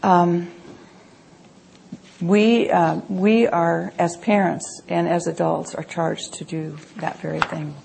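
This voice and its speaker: A woman's voice: on the low side, fairly even intonation, slow pace, gravelly, background noise. A middle-aged woman giving an earnest Bible teaching talk, explaining with homely examples from family life.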